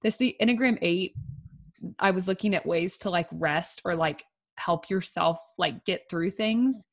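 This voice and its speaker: Young woman co-host, lower voice, casual and chatty, many "likes". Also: measured pace, vocal fry. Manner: chatty, says "like" often, laughs easily. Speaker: podcast co-host. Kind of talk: casual chat.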